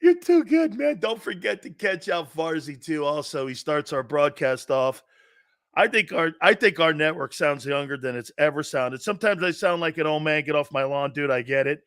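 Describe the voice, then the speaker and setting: A middle-aged man hosting a sports talk show, joking loudly and repeating his words when he gets going. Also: a little high, lively intonation, normal speed. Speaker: show host. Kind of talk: casual sports radio banter.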